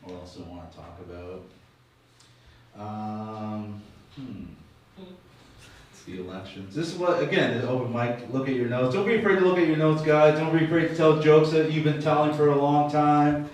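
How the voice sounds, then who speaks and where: Crude slurring comic in an echoey room. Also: male voice, on the high side, fairly even intonation, moderate pace, a little mellow. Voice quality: slight slur from dentures. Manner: crude, rambling, self-mocking. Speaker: open mic comedian. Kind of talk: stand-up crowd work. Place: small comedy venue. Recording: echoey room, mic far off.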